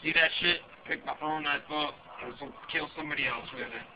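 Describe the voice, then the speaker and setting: A crude redneck gamer, played by a man, mutters and curses through a running play-by-play. His voice sits fairly high, and the home recording is muffled, with loud background noise. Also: fairly even intonation, fast talker, lightly acted. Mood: grumbling. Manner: cursing, grumbling running commentary while playing. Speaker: gamer character in a comedy skit.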